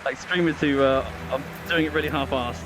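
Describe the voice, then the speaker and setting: A man's voice: mid-range voice, fairly even intonation, fairly quick, over music. A man livestreaming, chatting casually with rambling, self-mocking banter.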